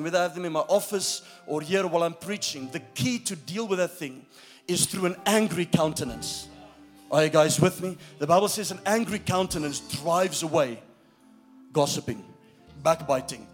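Male pastor, higher-pitched, emphatic preacher who engages the room, faint music bed. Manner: emphatic preaching that checks in with the congregation. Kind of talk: sermon.

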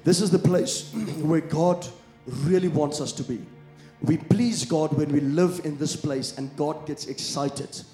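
A man preaching a sermon as pastor, shifting from quiet storytelling to loud calls to the congregation. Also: fairly high pitch, a little slow, roomy sound, soft background music.

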